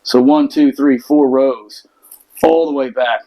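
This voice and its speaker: A man's voice: medium pitch, steady tone, takes it slowly, warm tone, rough recording. A man, a Marine veteran, telling stories in a casual chat, profane and laughing through them.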